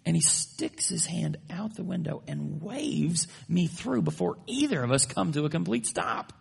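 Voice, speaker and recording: A male pastor delivers a sermon with a gravelly, husky edge to his voice. He tells everyday stories with playful, humorous asides before turning to scripture. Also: fairly high pitch, lively intonation, normal speed, darkish tone.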